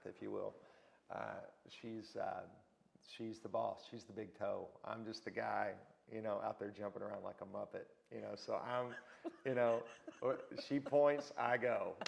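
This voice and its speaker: An interview guest recounts anecdotes in a relaxed conversation, using a lowish, gravelly voice. He tells them animatedly, performing the people he quotes.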